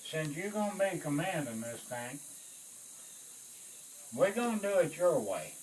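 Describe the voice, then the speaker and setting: A man, a Vietnam veteran, telling a war story in an animated way, swearing and acting out the voices of others. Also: fairly high pitch, measured pace, a little hiss or hum, rough recording. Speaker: Vietnam veteran recounting service.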